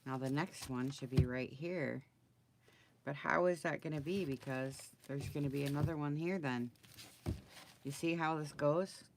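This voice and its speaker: A woman's voice: low-pitched, moderate pace, background noise. A woman crafter talking casually through her project, muttering to herself and getting flustered. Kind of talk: casual crafting video talk.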